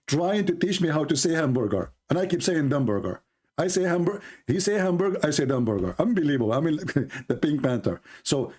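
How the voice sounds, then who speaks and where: Live-stream host, a man from the Middle East, sarcastic and teasing, very animated pitch, middle-aged. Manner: sarcastic, teasing, drawn-out exclamations. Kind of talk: mocking live-stream monologue.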